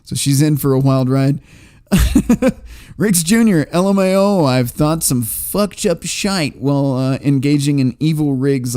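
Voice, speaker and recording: A man's voice: fairly high pitch, darkish tone. A man hosting a livestream, reading chat comments aloud in a rambling, profane way and laughing often.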